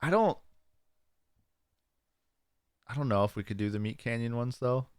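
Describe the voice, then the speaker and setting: A young man co-hosting a casual podcast, swearing often and telling stories with animated quoted voices. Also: medium pitch, fast, clear, resonant tone, no echo. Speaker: podcast co-host.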